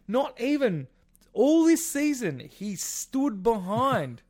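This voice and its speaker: A man's voice: very high-pitched, very animated, slow pace, darkish tone. A man co-hosting a casual sports podcast, blunt and sweary, often saying "mate". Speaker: podcast co-host.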